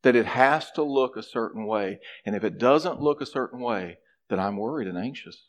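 A man preaching a sermon, animated, acting out a character's complaints in a raised voice. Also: mid-range voice, normal speed, slight background noise. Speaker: pastor.

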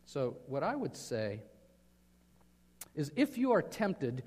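A man preaches in an earnest way and keeps putting questions to his listeners. His voice sits high for a man. Long reverb from a large hall hangs on every phrase. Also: huge pitch swings, slow, a little mellow. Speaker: pastor. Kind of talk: sermon.

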